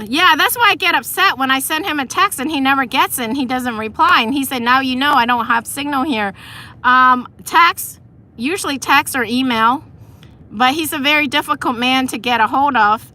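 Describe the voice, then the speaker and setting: A woman's voice: fairly high pitch, bright, forceful tone. A woman chatting casually with viewers on a live stream from inside a parked car, laughing often. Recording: car interior with vehicle noise.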